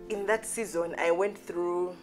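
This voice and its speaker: A woman with a slightly low voice tells a personal story in easy, casual conversation. She is animated and full of quoted asides. Soft music plays faintly underneath. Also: measured pace, low-quality recording.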